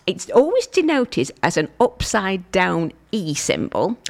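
Chatty animated woman radio presenter. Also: medium pitch. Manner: chatty, self-mocking, laughs often. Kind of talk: casual radio chat.

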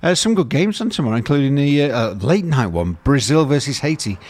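A man's voice: on the high side, very animated, fairly quick, darkish tone. A middle-aged man, hosting a breakfast radio show and rambling through sports results with many restarts. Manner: chatty, rambling with frequent restarts and fillers.

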